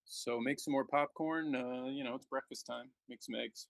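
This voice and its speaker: A man commentating a live backgammon match, joking and relaxed as he banters with his co-host. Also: mid-range voice, moderate pace, gravelly, no room sound.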